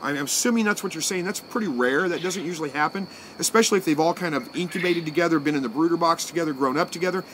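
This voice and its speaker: A man, chatting casually on a live stream as he answers viewer comments. His voice sits a little high for a man, and he talks in a relaxed, folksy way, thinking out loud. There is a faint hiss behind him with crickets chirping. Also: quick pace, few pauses. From Southwest Missouri, USA. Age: 40s.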